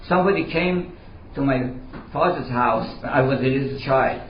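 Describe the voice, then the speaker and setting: An older man from Iran with a Persian accent, giving a storytelling lecture in an unhurried, animated way and acting out the voices in his stories. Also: on the high side. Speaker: lecturer on Sufi poetry. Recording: roomy, dull lecture recording with faint noise.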